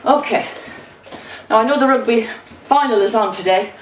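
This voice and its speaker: A woman's voice: on the high side, normal speed, roomy sound, recorded from a distance, a little hiss or hum, low-quality recording. A woman leading a rebounding workout, cheerful and encouraging, a little out of breath as she keeps jumping while she talks. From Ireland. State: slightly out of breath. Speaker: exercise instructor. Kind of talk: exercise demonstration. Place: indoors at home.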